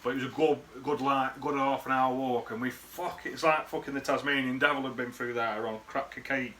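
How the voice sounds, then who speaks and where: A man's voice: medium pitch, fairly even intonation, a little fast, pushed and bright, slight background noise. A man, rambling through casual, sweary memories in a laddish way to the camera. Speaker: vlogger. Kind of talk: casual reminiscing monologue.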